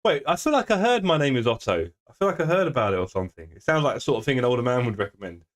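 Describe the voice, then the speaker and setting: A man talking casually into a desk microphone at home while streaming a racing game. His banter with viewers is loose and joking, and he laughs often, with a pitch in the ordinary middle for a man. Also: big pitch swings, racing. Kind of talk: casual live-stream chat reading viewer comments.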